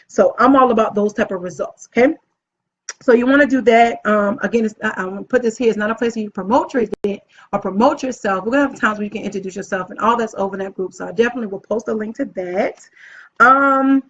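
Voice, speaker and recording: A woman hosting a casual live video as an event planner, upbeat and chatty, often gushing about how excited she is. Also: medium pitch, fast talker, slightly rough. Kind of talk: casual live-stream talk. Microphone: phone or webcam live stream. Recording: dull lo-fi live-stream audio.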